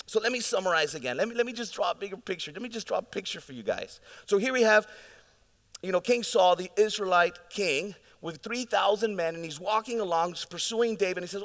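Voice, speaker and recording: A man preaching a sermon as pastor, telling the story in a lively, casual way and acting out the scenes. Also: sits high, fast. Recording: long reverb of a large hall.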